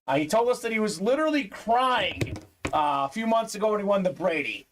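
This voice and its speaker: Hosting a live sports memorabilia break, a man keeps things upbeat with viewers, reads out their comments, and fills his speech with "uh". His high voice has lively intonation and a slightly quick pace, with a little background noise.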